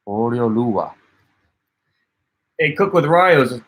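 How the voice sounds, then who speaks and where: A man's voice: mid-range voice, normal speed, a bit bright. A man co-hosting a casual livestream, chatting as he reads out and answers viewer comments. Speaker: livestream co-host.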